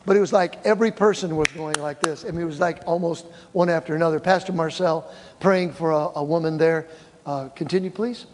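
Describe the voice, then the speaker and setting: An older male pastor telling mission stories to his church and acting out the quoted voices in an animated way. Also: on the high side, fairly quick, a little hiss or hum. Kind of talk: church mission report with slides. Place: church hall. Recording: reverberant church hall.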